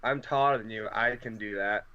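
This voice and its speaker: A man's voice: lowish voice, normal speed, dull audio. A man playing a tabletop game, joking and brash in casual talk. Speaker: player.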